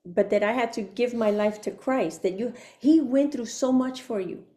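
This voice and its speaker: A woman's voice: on the high side, normal speed, warm tone. A woman giving her faith testimony as a guest, telling it with feeling, acting out her inner voices and laughing often. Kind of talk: emotional storytelling.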